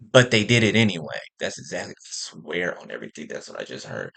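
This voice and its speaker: Emphatic man preaching with a bright tone. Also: deep voice, wildly swooping pitch, fairly quick, gravelly. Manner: emphatic, repeats phrases, keeps asking "right?" and "okay?". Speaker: spiritual speaker. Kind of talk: impassioned spiritual monologue.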